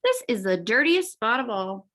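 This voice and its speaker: Woman reading as a farmer's wife, fussy, brisk, emphatic, storybook voice. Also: fairly high pitch, very animated, fairly bright tone.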